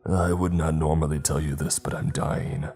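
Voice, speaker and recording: A man voicing a dying Russian secret agent with a Russian accent, confessing slowly. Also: extremely low pitch, flat delivery, dark tone, faint music behind. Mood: grim.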